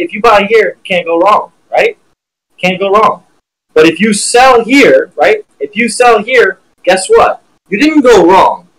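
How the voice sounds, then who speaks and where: A high-voiced man shares his screen during a live stream and teaches trading in an animated, blunt, foul-mouthed style. The audio is poor.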